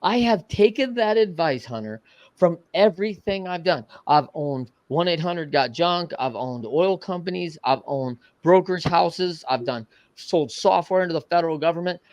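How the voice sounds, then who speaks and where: A middle-aged man telling a story as a podcast guest, animated and casual, often adding "man" and "right". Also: on the high side, moderate pace, dry recording. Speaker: podcast guest, coach and entrepreneur. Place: podcast studio.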